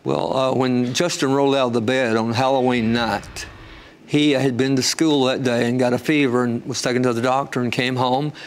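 A man guest telling an emotional testimony with fervent storytelling, rising high when excited. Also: normal speed.

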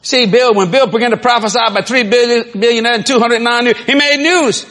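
A man's voice: extremely high pitch, a little fast. A man preaching a sermon, telling stories with acted-out quotes and frequent laughter. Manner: animated storytelling, acts out quotes, laughs often. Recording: long reverb in a large hall.

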